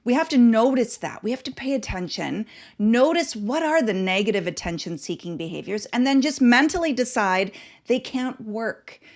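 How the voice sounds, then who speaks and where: A woman hosting a parenting podcast, giving earnest, instructive advice in short emphatic phrases. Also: medium pitch.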